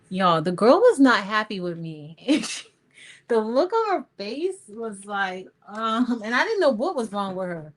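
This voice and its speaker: In a fairly high, sing-song voice, a middle-aged woman speaks a little slowly as she crafts on a livestream. She's chatty, shares stories, and addresses her viewers as "y'all."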